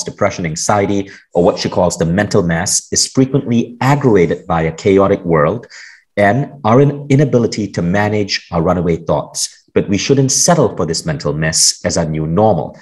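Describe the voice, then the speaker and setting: A man hosting a podcast, with a very deep, low voice. He talks enthusiastically and quickly as he introduces his guest. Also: a little mellow. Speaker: podcast host. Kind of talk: podcast interview.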